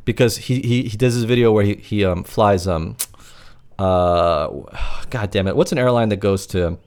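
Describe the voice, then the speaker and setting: A man's voice: on the low side, normal speed, darkish tone, clean tone. A man co-hosting a podcast from his apartment, chatting casually and rambling with lots of filler words. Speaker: podcast co-host. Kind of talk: casual chat.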